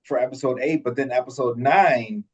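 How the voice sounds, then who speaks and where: A man's voice: medium pitch, moderate pace, darkish tone, breathy edge, dull audio. A man co-hosting a podcast in casual chat, laughing often and swearing loosely. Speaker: podcast co-host.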